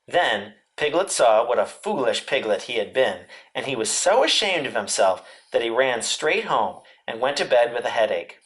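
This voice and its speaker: Teacher reads storybook, man, expressive, pitch rises and falls a lot. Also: normal speed, few pauses. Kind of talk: storybook read-aloud.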